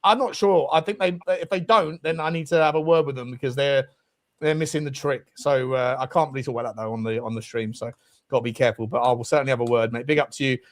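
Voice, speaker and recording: A man's voice: medium pitch, fairly even intonation, fast talker. A man hosting a casual football fan stream, bantering with co-hosts and reading out viewer messages in a jokey, swearing manner. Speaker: show host reading super chats.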